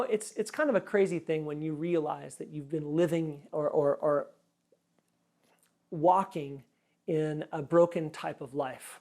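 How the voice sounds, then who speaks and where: A pastor giving an earnest sermon, often repeating words for emphasis. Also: male voice, a little high, creaky, warm tone.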